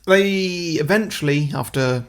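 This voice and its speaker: A man co-hosting a podcast, casually pitching a silly plot in a long, rambling way and chuckling at his own ideas. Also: moderate pace. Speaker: podcast co-host.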